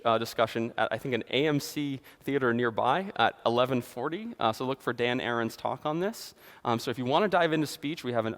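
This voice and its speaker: Man presenting in a reverberant hall. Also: mid-range voice. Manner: fluent with frequent fillers and restarts. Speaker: conference presenter. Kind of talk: conference keynote talk. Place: large conference hall.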